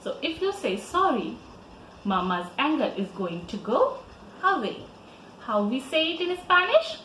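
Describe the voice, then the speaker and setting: A woman teacher with an Indian English accent, giving a slow, sing-song language lesson to young children. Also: high voice, reverberant, slight background noise, poor audio. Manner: slow, lively, sing-song teaching voice with repeat-after-me prompts.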